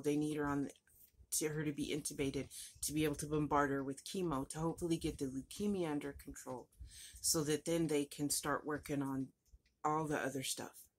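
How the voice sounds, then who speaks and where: A woman's voice: sits low, slightly rough. A woman telling a personal story in a rambling, emotional way, her voice breaking at times. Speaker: vlogger.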